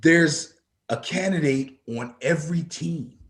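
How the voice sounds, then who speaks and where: A man's voice: fairly high pitch, slow pace. A man co-hosting a casual football talk show, emphatic and prone to repeating himself. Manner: emphatic, repeats words when fired up. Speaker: sports talk show co-host. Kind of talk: casual sports radio chat.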